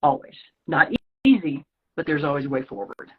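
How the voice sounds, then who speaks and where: Woman guest w a lower voice telling her story, lively, does little voices for people, sounds like a phone line. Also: brisk, husky. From Rocky Mountain region of the US. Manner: animated storyteller, acts out quoted dialogue. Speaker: podcast guest. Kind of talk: telling a personal story in conversation.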